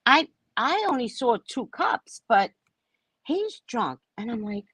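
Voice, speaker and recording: This time the woman's voice sits on the high side, slow with a breathy edge, as she animatedly recounts a story and performs the quotes. Casual swearing and a habitual "right?" pepper her talk. The recording is dry and poor in quality.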